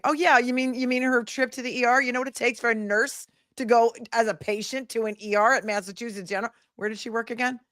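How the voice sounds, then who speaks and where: A woman's voice: on the high side, fairly bright tone, dry recording, studio quality. A woman hosting a live trial commentary stream, blunt and sarcastic, with some swearing.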